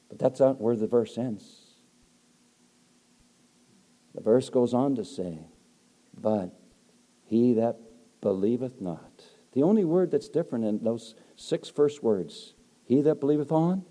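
Older male evangelist, deep mellow tone, dramatic loud-to-soft delivery. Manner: emphatic, swings between loud emphasis and soft hushed storytelling. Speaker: preacher. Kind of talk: evangelistic sermon.

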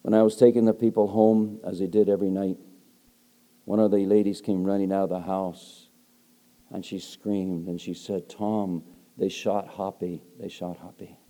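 Older male evangelist, deep mellow tone, dramatic loud-to-soft delivery. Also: flat delivery, moderate pace. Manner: emphatic, swings between loud emphasis and soft hushed storytelling. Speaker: preacher. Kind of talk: evangelistic sermon.

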